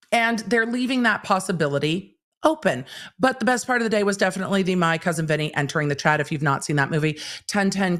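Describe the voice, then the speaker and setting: A woman's voice: medium pitch, fairly bright tone. A woman hosting a casual livestream, recapping a trial in a chatty way, acting out quotes as she retells them. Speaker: legal commentator and livestream host.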